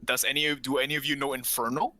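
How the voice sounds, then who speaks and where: A man's voice: medium pitch, little pitch movement, quick pace, a crowd in the background, rough recording. A man running a tabletop game as game master, patient and given to repeating reassurances. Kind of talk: narrating a tabletop game online.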